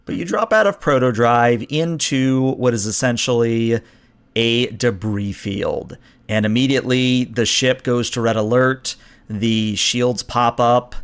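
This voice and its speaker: Acting as game master for a science fiction tabletop game, a man narrates scenes and explains the rules in a relaxed, explanatory manner. His smooth, mid-range voice slows down to stress key moments.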